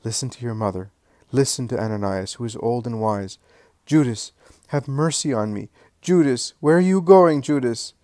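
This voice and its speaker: A man voicing a grieving older mother who pleads in a high, loud voice. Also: moderate pace, no echo, clean studio sound, lightly acted. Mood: pleading. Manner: high, loud, wailing pleas.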